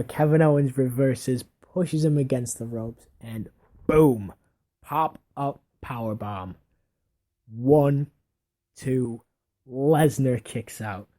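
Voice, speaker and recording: Slow, mellow-voiced male wrestling fan. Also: mid-range voice. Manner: unhurried, offhand storytelling with self-corrections. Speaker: wrestling fan recapping an imagined match. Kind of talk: casual play-by-play narration.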